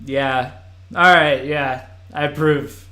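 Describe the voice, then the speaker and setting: A man's voice: a little high, steady tone, takes it slowly, pushed and bright, echoey room. A man hosting a live stream, reacting to an album as it plays, rambling and restarting his sentences. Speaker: podcast host.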